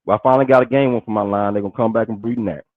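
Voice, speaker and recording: A man's voice: fairly low pitch, fairly even intonation, racing, no echo, soft background music. A man in a casual streamed talk, pressing the others and repeating the same question. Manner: insistent, keeps repeating his question. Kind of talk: casual banter. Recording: dull lo-fi stream audio.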